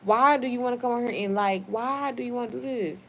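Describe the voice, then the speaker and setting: A woman's voice: on the high side, fairly quick, fairly bright tone. Young woman streamer, outdoors on phone, blunt and profane, faint noise. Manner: blunt, swears freely, talks back to trolls. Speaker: livestream host reading chat. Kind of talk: casual live-stream chat. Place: outdoors at home, evening.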